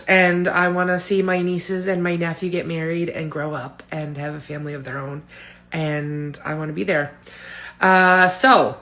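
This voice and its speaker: A woman's voice: on the low side, little pitch movement, moderate pace, a bit bright. A woman in her forties vlogging to camera, candid and emotional, with frequent fillers and small laughs. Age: 40s. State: tearful at times. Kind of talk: personal vlog talking to camera.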